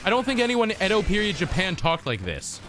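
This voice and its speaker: A man's voice: high voice, huge pitch swings, quick pace, over loud music. A young man streaming a game, chatting casually, crude and exasperated, swearing a lot.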